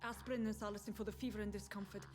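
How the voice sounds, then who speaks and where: An actress playing a composed nurse who reports calmly and clinically, heard as game audio with music. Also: female voice, medium pitch, very fast, close to an everyday voice. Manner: calm, clinical. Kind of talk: video game voice acting.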